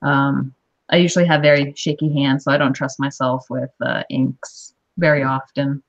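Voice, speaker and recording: A woman appearing as a guest comic artist on a casual stream, easygoing and quick to laugh. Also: a bass voice, little pitch movement, muffled recording. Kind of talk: casual live-stream chat.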